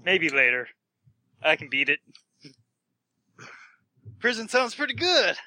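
A man's voice: high voice, sing-song, slow, pushed and bright, dry recording, heavily acted. A man voicing a shrugging street tough. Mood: nonchalant. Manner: nonchalant, shrugging things off.

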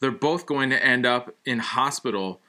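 A man's voice: mid-range voice, moderate pace, sharp tone. A man co-hosting a casual show who laughs easily and stumbles over reading jokes aloud. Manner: giggly, self-deprecating, stumbles over reading. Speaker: podcast co-host.

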